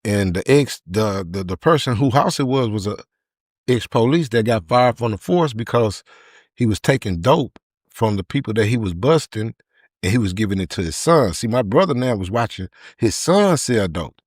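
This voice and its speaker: A man's voice: fairly low pitch, normal speed, dry recording, clean studio sound. A middle-aged man, telling his story in an interview and acting out the voices of people in it. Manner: animated retelling, acts out quoted voices. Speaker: podcast guest.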